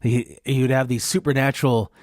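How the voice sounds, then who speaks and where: A man's voice: mid-range voice, fairly even intonation, fairly quick, no room sound, studio quality. A man hosting a podcast, rambling through a made-up story and often correcting himself. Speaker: podcast host.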